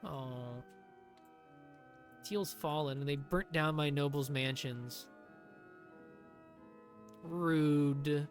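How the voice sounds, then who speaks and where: A man streaming a strategy game live, giving sarcastic commentary that swings from low mutters to loud shouts. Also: very slow, long pauses, faint music behind.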